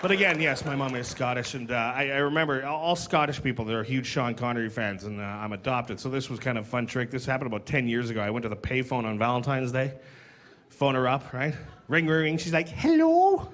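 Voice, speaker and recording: A man doing a stand-up set on a club stage, animated and punchy, joking about himself. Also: medium pitch, fast. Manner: animated, punchy, self-mocking. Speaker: stand-up comedian. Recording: noisy club with crowd laughter.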